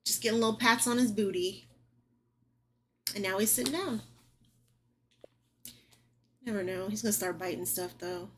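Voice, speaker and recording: A woman's voice: medium pitch, moderate pace, pauses often, noisy background. A young woman chatting casually at home, sometimes cooing in baby talk to her cat. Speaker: vlogger. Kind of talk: casual home vlog chat.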